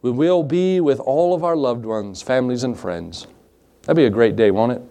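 A pastor preaching a sermon, telling a funny personal story with frequent laughs. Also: male voice, mid-range voice, normal speed, gravelly. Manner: animated storyteller, laughs often.

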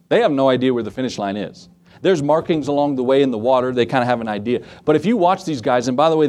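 A man preaching a sermon in a lively, conversational way, with asides to the congregation. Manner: acts out quoted voices with shifts in pitch. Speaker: pastor.

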